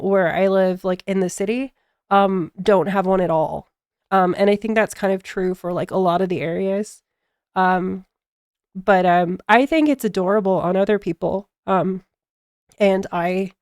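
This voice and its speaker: A woman with a general American accent chatting casually on a stream, halting often with fillers and laughing easily. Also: medium pitch, a little mellow, clear, resonant tone, no echo, studio quality.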